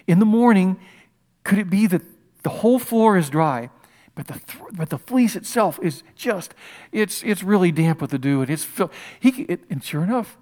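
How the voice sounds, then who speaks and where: A male pastor delivers a lively, conversational sermon, throwing questions out to his listeners as he retells a Bible story. His voice sits high for a man. He talks in an animated way.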